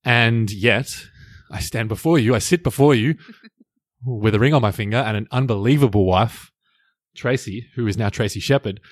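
A man with a lowish voice co-hosts a podcast in easy, casual chat. He jokes and teases his co-host and laughs often. The sound is dry and close, with no room echo. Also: normal speed. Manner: jokey, laughs often, playful teasing.

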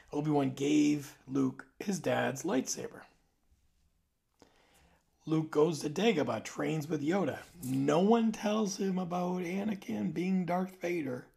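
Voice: medium pitch, warm tone. A vlogger in their forties talking casually to the camera in a rambling, loose way, trailing off and correcting themself. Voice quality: very gravelly, creaky voice.

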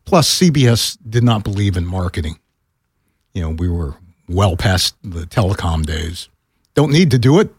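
Older man, retired broadcaster. Lively storyteller with a slightly raspy voice, recorded dry. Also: moderate pace, dry recording. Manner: animated, acts out quoted voices with pitch jumps. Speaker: podcast guest, retired radio broadcaster. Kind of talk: casual storytelling.

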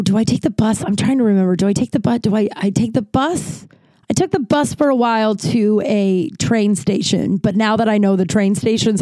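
Rambling podcast host, mellow dry voice. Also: mid-range voice, no echo. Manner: rambling, many restarts and filler "like"; casual, swears freely. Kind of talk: casual storytelling monologue.

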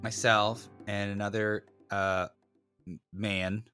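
A man's voice: lowish voice, slow, music in the background. A man co-hosting a podcast, telling a story in casual chat and acting out the voices of the people in it with a self-mocking manner. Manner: animated, acts out voices in anecdotes, self-mocking. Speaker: podcast co-host.

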